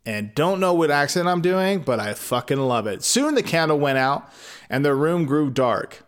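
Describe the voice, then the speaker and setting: Man, storyteller, comic fairy-tale reading, crude digressions, slightly raised pitch. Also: sing-song, normal speed. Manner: profane, rambling digressions.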